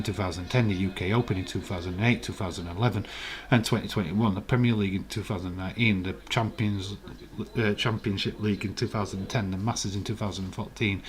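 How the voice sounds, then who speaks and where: Rambling English man, low voice. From England. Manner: rambling, chuckling, reading out chat comments. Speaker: live stream host. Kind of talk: casual live chat with viewers.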